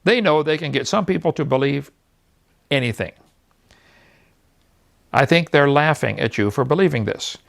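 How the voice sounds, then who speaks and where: Middle-aged male speaker, gravelly and lively, jokey mocking lecture style. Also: a little high, normal speed, pauses often. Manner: mocking, jokey and blunt, laughs at his own points. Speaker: creationist speaker. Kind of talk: folksy seminar lecture.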